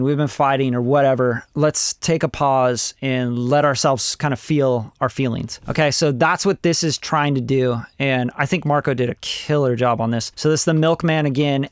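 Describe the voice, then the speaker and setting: A man's voice: mid-range voice, dry recording, studio quality. A young adult man, a music producer, walking through a mix in an enthusiastic, casual tutorial style. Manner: enthusiastic, gushing, conversational.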